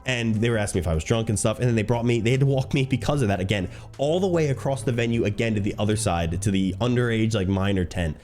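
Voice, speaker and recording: A man's voice: lowish voice, fast talker, few pauses, darkish tone. A man who streams for a living, telling a story in a talkative, rambling way. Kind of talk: casual storytime.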